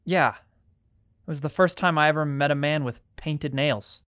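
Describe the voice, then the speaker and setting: A young actor playing an earnest, shy teenage boy in a radio drama, eager but quickly defensive. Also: fairly high pitch, a bit bright, smooth, lightly acted. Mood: curious.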